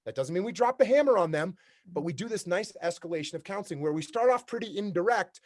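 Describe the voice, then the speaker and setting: A man's voice: high-pitched, expressive, fast. A man giving a leadership keynote talk in a direct, repetitive way, acting out workplace conversations to make his points. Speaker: keynote speaker. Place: remote talk for a virtual summit.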